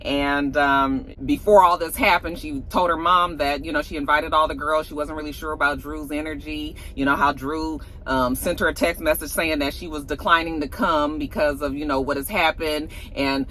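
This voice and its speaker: A woman recapping a reality show episode in a chatty, gossipy way, with animated asides. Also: low voice, moderate pace, few pauses, a little hiss or hum. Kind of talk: casual chat.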